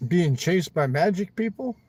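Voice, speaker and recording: A man's voice: sits high, lively intonation, moderate pace, darkish tone, no room sound. A man livestreaming from inside his car, chatting loosely with viewers, rambling and swearing, ending lines with "man". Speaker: livestream host. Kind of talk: casual chat with viewers.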